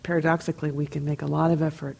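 A woman with a New Jersey accent, a meditation teacher telling stories and answering questions in a relaxed, conversational way. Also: deep voice, very fast, creaky, slightly rough, poor audio. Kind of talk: dharma talk question and answer.

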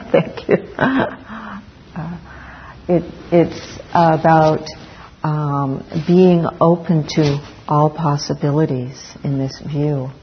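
A middle-aged woman giving a Buddhist dharma talk, speaking slowly and reflectively with many pauses and fillers. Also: sits low, muffled recording, slight background noise.

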